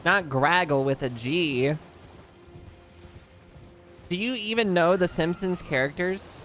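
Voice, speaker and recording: A man's voice: sits high, takes it slowly, a bit bright, faint music behind. A young man streaming a game, bantering with his chat in a joking, exasperated way. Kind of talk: casual live-stream commentary.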